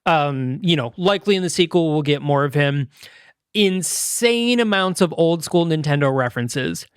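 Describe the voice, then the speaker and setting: A man's voice: fairly high pitch, lively intonation, normal speed, smooth, dry recording, clean studio sound. A man co-hosting a podcast in casual chat, rambling with fillers and restarts. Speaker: podcast co-host.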